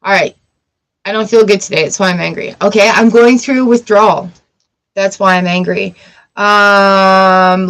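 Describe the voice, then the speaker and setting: A woman's voice: medium pitch, low-quality recording. Woman host, mid-range voice, frank and encouraging, chatty self-help talk. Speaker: tarot livestream host. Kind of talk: casual advice talk.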